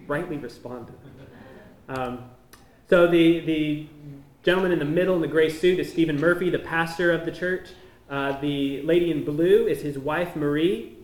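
A missionary man giving an informal slideshow talk, explaining each photo in a relaxed, conversational way. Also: fairly high pitch, normal speed. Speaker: missionary presenting to a church. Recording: echoey room.

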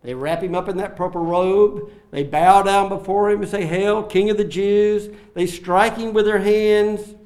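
A man preaching an expository sermon, acting out the quoted lines with swings in loudness and slowing down on key phrases. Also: sits high, fairly even intonation. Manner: dramatic, acts out the quoted lines with sharp rises and drops in loudness.

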